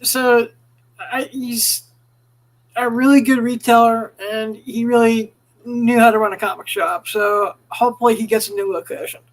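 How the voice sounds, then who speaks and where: A man's voice: very high voice, fairly even intonation, moderate pace, rough recording. A middle-aged man co-hosting a podcast in casual chat, friendly, stammering as he starts his thoughts. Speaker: podcast co-host.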